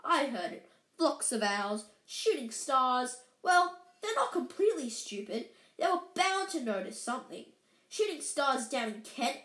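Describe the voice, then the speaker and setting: A woman's voice: a little high, big pitch swings, normal speed. A woman voicing a severe, irritable older witch professor in a storybook reading. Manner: irritable, clipped. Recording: roomy echo.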